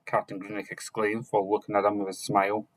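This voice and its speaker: A man narrating chapters of a fantasy novel, reading slowly and haltingly, sometimes correcting himself and only lightly voicing the characters. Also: fairly low pitch, monotone, dry recording, rough recording. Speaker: audiobook narrator.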